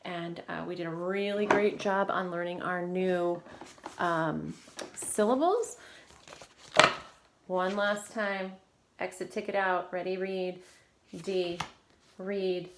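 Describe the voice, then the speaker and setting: A woman teacher leading a phonics lesson for children, slowly drilling sounds and praising often. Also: mid-range voice. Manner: slow, encouraging, drilling sounds with frequent praise. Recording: echoey room with faint noise.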